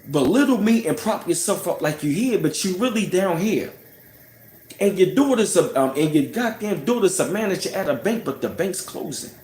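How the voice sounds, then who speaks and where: A man's voice: a little high, a little mellow. A man telling a personal story in a casual, heated rant, scornful and full of "you know what I'm saying". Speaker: channel host. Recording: roomy echo.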